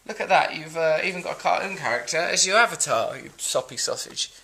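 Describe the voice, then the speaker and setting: Cheeky English man, bright and punchy. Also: a little high, lively intonation, a little fast, rough recording. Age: 40s. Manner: cheeky, mock-indignant, jumps between loud outbursts and mumbled asides. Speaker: host reading viewer comments. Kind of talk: comic comment reading.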